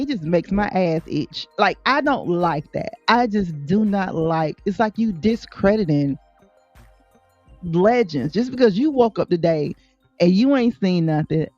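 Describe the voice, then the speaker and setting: A woman's voice: mid-range voice, no room sound. A woman co-hosting a casual book podcast, telling stories with exasperation and acting out quotes. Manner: animated, exasperated storyteller, acts out quotes. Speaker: podcast co-host. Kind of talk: casual chat. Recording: dull lo-fi sound with faint music.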